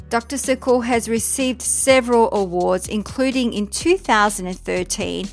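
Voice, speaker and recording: A woman hosts a podcast at a middle pitch. She reads her introduction and then chats in a friendly way, full of little fillers. Soft music plays faintly underneath. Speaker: podcast host. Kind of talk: scripted intro, then casual chat. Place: Australia.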